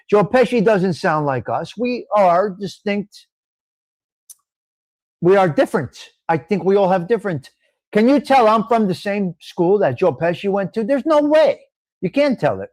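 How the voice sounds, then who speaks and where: A man's voice: sits high, expressive, moderate pace, a little mellow, no echo. A man from North Jersey with a North Jersey accent, hosting a live stream in a blunt, profane, casual way. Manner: blunt and profane, reading out viewer names. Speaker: host of a live stream show.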